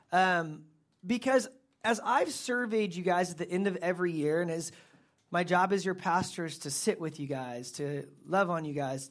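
A man with a notably high speaking voice, working as a youth pastor who keeps things loose and chatty. He throws questions to the group and answers them in an easy, conversational way. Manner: relaxed, conversational, quizzes listeners. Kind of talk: casual talk to a youth group.

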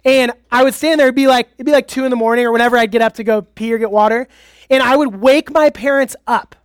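A young man preaching a youth sermon in a casual, energetic, conversational way. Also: very high voice, fast, clear, resonant tone, no echo, clean studio sound. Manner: conversational, energetic, uses "like" often. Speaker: youth pastor.

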